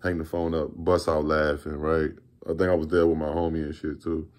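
A man's voice: rumbling low, little pitch movement, a little fast, darkish tone. A man in his thirties from Virginia telling a story in a rambling, laid-back way, with lots of profane slang. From Virginia, USA. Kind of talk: casual storytime vlog.

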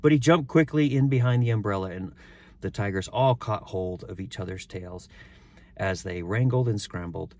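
A man's voice: fairly low pitch, normal speed, darkish tone. A man reading a children's story aloud, chuckling and stumbling now and then, with chatty asides. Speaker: reader.

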